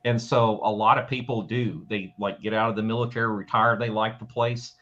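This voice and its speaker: Low-voiced Southern man on a muffled line. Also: little pitch movement, a little fast, fairly bright tone. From Jacksonville, Florida, USA. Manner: chatty, storytelling, many restarts. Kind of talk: casual chat.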